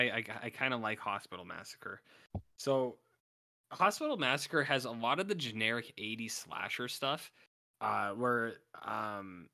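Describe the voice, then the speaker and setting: A man's voice: fairly low pitch, pushed and bright. A man casually chatting on a podcast, rambling and acting out scenes in funny voices. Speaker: podcast co-host. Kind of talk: casual chat.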